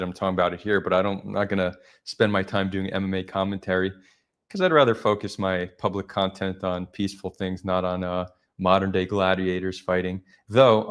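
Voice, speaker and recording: A man hosting a live stream, chatting casually and reflectively with viewers, rambling a little as he goes. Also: deep voice.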